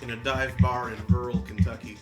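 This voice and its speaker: A man's voice: mid-range voice, level tone, brisk, echoey room. A man co-hosting a game stream, making dry, matter-of-fact remarks. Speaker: let's-play co-host. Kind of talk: casual chat over gameplay. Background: game music.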